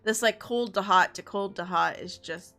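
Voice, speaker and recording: A woman streaming a game, tossing off chatty, laughing asides in a casual way. Her throat is sore, her pitch sits in the middle, and faint music plays underneath. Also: normal speed, bright, forceful tone. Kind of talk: casual gaming commentary.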